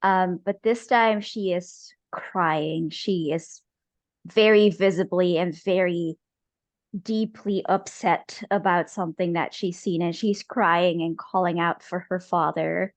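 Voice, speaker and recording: A woman narrating as game master of a tabletop game. She speaks slowly and haltingly, pausing often. The sound is dry and close. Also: on the low side, fairly even intonation, no room sound. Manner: halting, many filler pauses.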